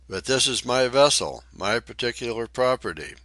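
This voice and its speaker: A man's voice: medium pitch, expressive, moderate pace, sharp tone, dry recording, pitched above the performer's own voice. A man voicing a ruthless sea captain in a storybook reading, speaking in a raised, challenging way. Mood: domineering.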